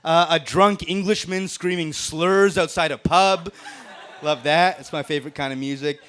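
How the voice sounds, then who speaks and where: A man's voice: fairly high pitch, steady tone, moderate pace, fairly bright tone, slight background noise. A man doing a brash, profane stand-up roast set on a comedy club stage, laughing at his own jokes. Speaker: stand-up comic in a roast battle.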